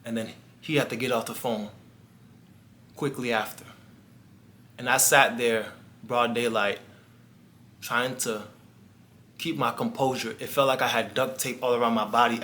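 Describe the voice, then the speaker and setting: A man's voice: medium pitch, steady tone, moderate pace, pauses often, pushed and bright. A man, a life coach, telling a personal story in an earnest motivational monologue, speaking straight to the viewer and acting out the dialogue.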